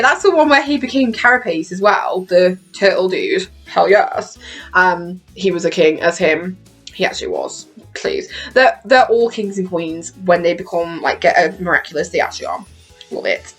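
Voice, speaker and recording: A young British woman with a British accent, chatting casually on her vlog, laughing often and swearing freely. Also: medium pitch. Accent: British English. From Britain. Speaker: vlogger. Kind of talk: casual chat about a TV show.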